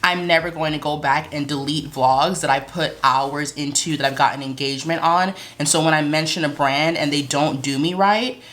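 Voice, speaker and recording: A woman's voice: sits low, moderate pace, hardly any pauses, a bit bright. A young woman vlogging about her small shop, chatty and anxious, with frequent exclamations. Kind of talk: casual vlog talk. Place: Brooklyn, New York.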